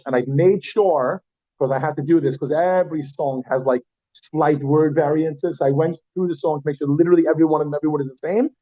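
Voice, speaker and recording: A man with a slightly raised voice teaches a room of students, talking in a lively, chatty way and breaking off to restart his sentences. The sound is close and dry, a little dull and lo-fi. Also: on the high side, no echo. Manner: animated, chatty, self-interrupting. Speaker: Yiddish teacher. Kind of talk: classroom lesson. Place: classroom.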